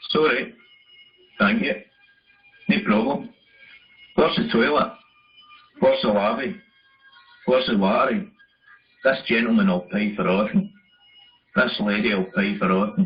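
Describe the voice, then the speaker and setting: A man reading a list of phrases slowly and deliberately. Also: medium pitch. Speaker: narrator of a language video. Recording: muffled video playback.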